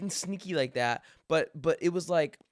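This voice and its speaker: A man chats casually on a podcast, recounting a parenting moment with animated energy. His voice sits a bit high. The sound is dry and close. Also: normal speed, dry recording. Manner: animated storyteller, acts out quotes with swearing. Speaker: podcast co-host, father. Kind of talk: casual chat.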